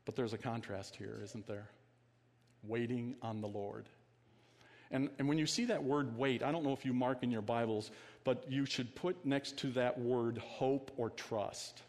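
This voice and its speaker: Male pastor, conversational sermon delivery, asks the congregation questions, goes quiet for emphasis; reverberant sanctuary sound. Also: mid-range voice, fairly even intonation, a little slow.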